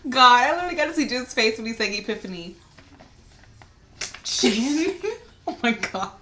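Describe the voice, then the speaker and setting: A woman's voice: high voice, lively intonation, normal speed, bright, forceful tone, a little hiss or hum. A young woman co-hosting a casual podcast, reading a listener's letter aloud, laughing often and swearing freely. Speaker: podcast co-host. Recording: roomy echo.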